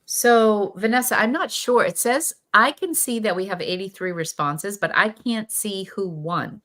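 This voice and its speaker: A woman's voice: mid-range voice, unhurried, a bit bright. A woman with a Boston accent co-hosting a live pen show stream, chatting casually and reading out viewer comments. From Boston area. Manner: enthusiastic, reads viewer comments aloud.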